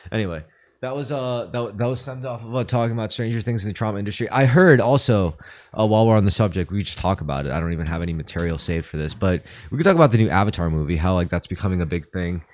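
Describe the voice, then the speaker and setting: A man's voice: on the low side, fast, darkish tone. A man hosting a podcast, talking casually and profanely, rambling with lots of fillers. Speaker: podcast host.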